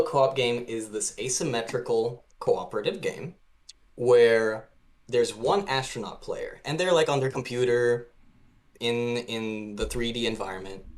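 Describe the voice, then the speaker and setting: Man, podcast guest, casual chat, mid-pitched voice, filler-heavy. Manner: loose and chatty, peppered with "like". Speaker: game designer guest.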